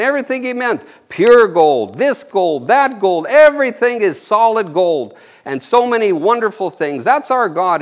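A man preaching an informal sermon, rambling and folksy, with frequent amens and chuckles. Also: high-pitched.

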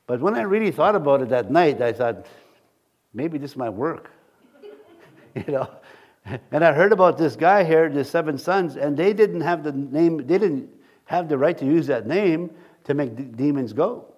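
A man's voice: on the high side, lively intonation, moderate pace, a little mellow. Joking man preaching a sermon. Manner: joking and rambling, laughs often at his own stories. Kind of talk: conversational sermon. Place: church before a congregation.

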